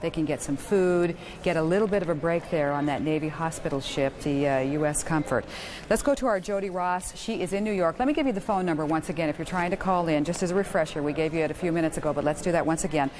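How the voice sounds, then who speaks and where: A woman with a low-pitched voice anchors live news coverage. She speaks steadily and spells out phone numbers slowly. Faint background noise sits under her voice. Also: a little mellow. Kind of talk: live call-in news hosting.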